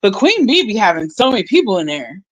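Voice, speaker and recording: A woman's voice: medium pitch, very animated, fast, dry recording, dull audio. A woman chatting casually on a livestream, rambling and laughing as she reads her viewers' chat aloud.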